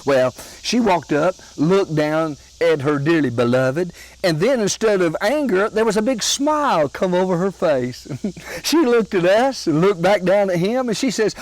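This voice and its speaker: A man telling comic family stories in a slow, folksy, drawn-out way. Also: sits high, lively intonation, dry recording, rough recording. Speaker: storyteller comedian.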